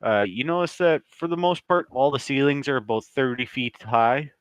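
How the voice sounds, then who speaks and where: A man's voice: mid-range voice, normal speed, clear, resonant tone, dry recording. A man running a tabletop game as game master, narrating scenes in a casual, loose way with the odd swear word.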